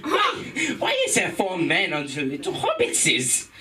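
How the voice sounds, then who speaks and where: A man voicing a creepy, scandalized cave creature in a squeaky, whining voice during stand-up. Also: huge pitch swings, measured pace, crowd noise.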